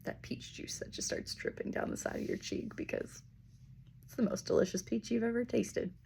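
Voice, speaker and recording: A woman giving a casual spiritual reading and leading slow breathing, talking loosely with fillers and the odd swear word. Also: fairly high pitch, huge pitch swings, vocal fry, slight background noise. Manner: slows down and softens into near-whispers. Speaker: intuitive reader.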